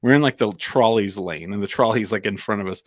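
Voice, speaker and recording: A man's voice: on the low side, brisk, no room sound, studio quality. A man from Albuquerque telling a casual anecdote on a comedy podcast, rambling with plenty of "like" and restarts. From Albuquerque, New Mexico.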